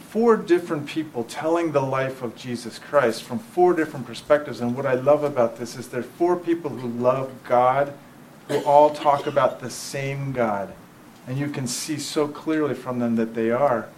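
A man's voice: mid-range voice, slight background noise, low-quality recording. Man preaching a casual, conversational sermon. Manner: conversational, asks listeners "right?" often; reads scripture aloud slowly and with feeling.

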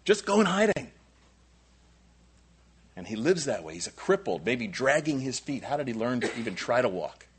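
A man preaching a sermon, moving between loud emphatic lines and near whispers. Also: mid-range voice, very animated, normal speed, long pauses, slight background noise.

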